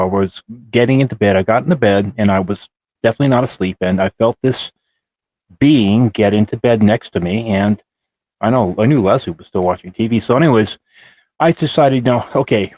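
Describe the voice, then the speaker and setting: A man's voice: lowish voice, darkish tone, dry recording. A middle-aged man co-hosting a show, recounting his own experiences in a rambling way with many restarts. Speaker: co-host. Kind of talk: casual first-person storytelling.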